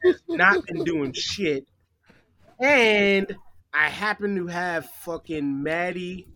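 Man, podcast guest, high voice, bright and forceful, dry close sound. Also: sing-song, takes it slowly, dry recording. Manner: opinionated, profane, explains at length. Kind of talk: casual sports chat.

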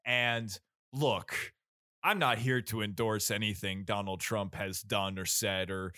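Low, bright-voiced podcast co-host man. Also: steady tone, unhurried, no room sound, studio quality. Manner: rambling, laughs often, swears casually. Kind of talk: casual movie review chat.

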